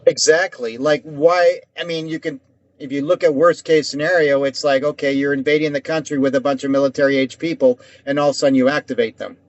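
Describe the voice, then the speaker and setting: A man's voice: on the high side, fairly even intonation, fairly quick, no echo. Heated rambling man, dull dry recording. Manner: heated, rambling, swears often. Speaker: podcast co-host. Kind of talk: casual conversation.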